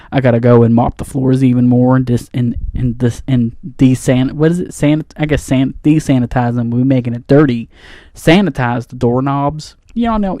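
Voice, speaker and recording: Flustered guy ranting into a studio mic, lots of restarts, warm low-key tone, dead dry sound. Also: no room sound. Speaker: comedy podcast host playing a janitor. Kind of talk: rambling comic monologue. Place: studio booth. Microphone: studio microphone.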